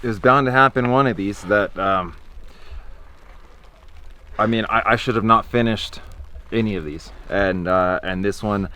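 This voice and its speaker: A man with a lowish voice, speaking candidly and emotionally as a cyclist in a vlog. He talks in a halting way and often restarts his sentences. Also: pushed and bright.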